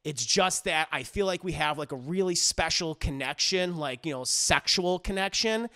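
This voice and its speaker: A man putting on a crude, boastful seducer with a gravelly edge to his bright voice. He sounds smug and pushy, and he swears freely. This is a pushy would-be lover in a comic movie recap. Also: fairly high pitch, animated, normal speed.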